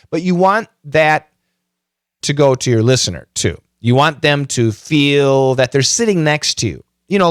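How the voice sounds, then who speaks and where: Middle-aged guy hosting his podcast, super lively up-and-down voice, jokes about himself, lots of ums. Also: mid-range voice, dry recording, clean studio sound. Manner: chatty, animated, self-joking, frequent fillers. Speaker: podcast host. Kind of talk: casual tutorial talk.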